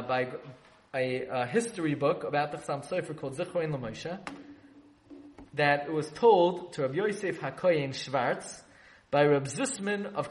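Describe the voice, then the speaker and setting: A man telling a story to a class, lively and joking with his listeners in a room with an audience. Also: a little high. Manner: animated, joking asides with the audience. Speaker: religious teacher. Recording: echoey room, faint background noise.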